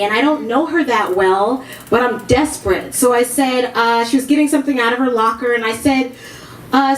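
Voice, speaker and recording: High-voiced woman telling a profane comic story. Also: moderate pace. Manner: frank, profane, deadpan asides. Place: live venue stage before an audience. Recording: roomy hall with audience noise.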